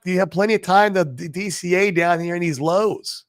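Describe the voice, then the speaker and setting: A man hosting a casual livestream, talking brashly and excitedly, swearing and answering viewers in the chat. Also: high voice, brisk, dry recording, studio quality. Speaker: livestream host.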